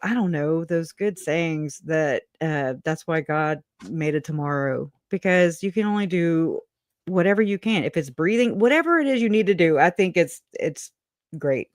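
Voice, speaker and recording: A woman's voice: sits low, expressive, normal speed, no echo, studio quality. A woman who is a guest on a casual livestream chat over a video call, talking in a candid, folksy way and laughing often.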